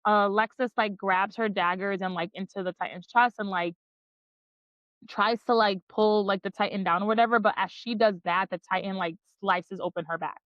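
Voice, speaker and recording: A woman's voice: medium pitch, steady tone, normal speed, fairly bright tone, dry recording. Chatty woman podcast host, muffled sound. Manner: enthusiastic, frequent "like" fillers. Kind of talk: casual book-club chat, summarizing chapters.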